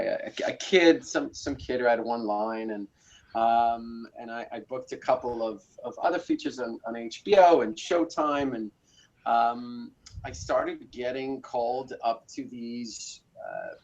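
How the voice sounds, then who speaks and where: A man in his forties from South Africa, telling his story as an interview guest with many fillers and restarts. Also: mid-range voice. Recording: slightly muffled audio.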